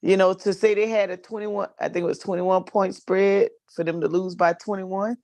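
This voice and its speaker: A woman joins a casual chat over a video call. She talks in a chatty way and laughs easily, with a voice of middling pitch. The sound is dry and close. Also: fairly even intonation, normal speed, darkish tone, dry recording.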